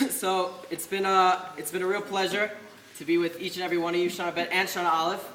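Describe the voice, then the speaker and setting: A man's voice: high voice, flat delivery, a little fast, fairly bright tone. A young man, a yeshiva student, giving an earnest farewell speech at a study celebration, telling a story with frequent restarts and Hebrew study terms. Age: young adult. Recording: echoey hall with faint noise.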